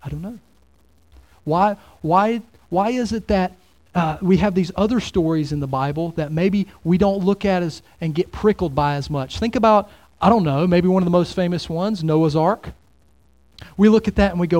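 Slightly high-voiced male pastor preaching. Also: moderate pace, a little mellow. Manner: conversational, many rhetorical questions. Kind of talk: sermon.

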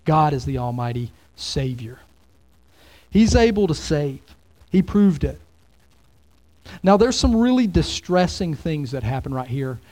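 A male pastor delivering a sermon, his voice sitting a little higher than most men's. He talks to his congregation in a relaxed, conversational way and keeps asking them questions. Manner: conversational, many rhetorical questions.

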